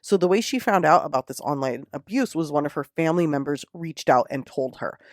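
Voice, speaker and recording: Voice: mid-range voice, fairly quick, no echo, studio quality. A podcast host telling a true crime story in a casual, indignant, profane way. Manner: indignant, profane, animated retelling.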